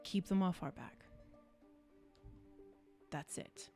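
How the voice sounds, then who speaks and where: A woman's voice: fairly low pitch, slow pace, a little mellow, faint music behind. A woman voicing a stern, threatening male guard captain in a tabletop game, giving curt, clipped orders. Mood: curt warning.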